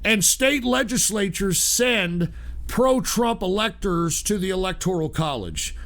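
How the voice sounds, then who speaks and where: A male host on a live call-in stream rants angrily and swears constantly. His voice is fairly high and gravelly. It has a bright, sharp edge. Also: animated, a little slow. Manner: angry, profane ranting. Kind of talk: ranting live-stream talk.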